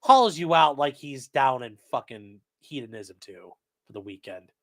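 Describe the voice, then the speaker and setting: Profane, shouting legal livestreamer man. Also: medium pitch, moderate pace. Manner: profane, shouting tirades between deadpan readings of court orders. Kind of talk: livestream rant.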